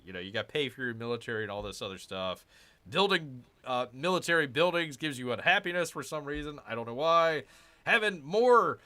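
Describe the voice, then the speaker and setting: A man narrates his strategy game session with a bright, forward tone and a lively, swooping delivery. He grumbles and makes sarcastic asides to his viewers. It sounds like casual commentary recorded at home. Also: medium pitch. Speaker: gaming channel host.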